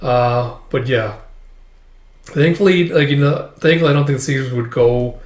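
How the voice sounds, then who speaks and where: A man's voice: medium pitch, normal speed, echoey room. A man hosting a casual read-along of a comic chapter, rambling with lots of fillers. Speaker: host.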